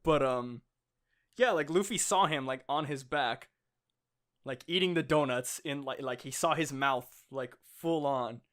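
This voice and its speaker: A man co-hosting a podcast in casual chat, excitable and laughing often, swearing freely and acting out the lines he retells. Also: medium pitch, unhurried. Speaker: podcast co-host.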